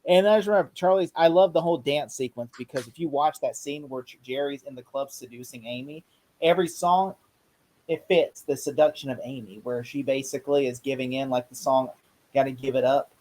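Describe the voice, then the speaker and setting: A man in casual chat about a horror movie, talking excitedly and acting out lines in voices. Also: mid-range voice, fairly quick. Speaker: co-host discussing a horror movie.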